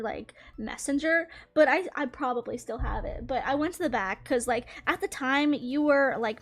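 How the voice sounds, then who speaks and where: A young woman chatting casually as she tells a story while drawing, swearing often and laughing along the way. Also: sits high. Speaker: drawing channel host.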